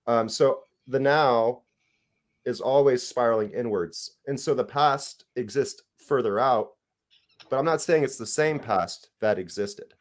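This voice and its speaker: Man, podcast guest, casual talk, steady explaining, mid pitch. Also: unhurried. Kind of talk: casual conversation.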